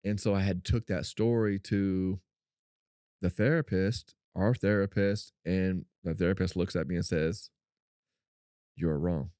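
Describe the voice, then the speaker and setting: A man co-hosting a faith-based podcast, telling a personal story in an animated way and acting out what people said. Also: unhurried, smooth, dry recording, studio quality. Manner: animated storyteller, acts out quotes in a high voice. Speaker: podcast co-host.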